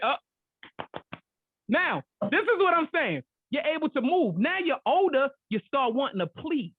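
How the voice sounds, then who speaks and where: Animated high-voiced profane man. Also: dry recording. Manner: animated, profane, talks over others. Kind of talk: heated casual debate. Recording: tinny phone-like sound, dry.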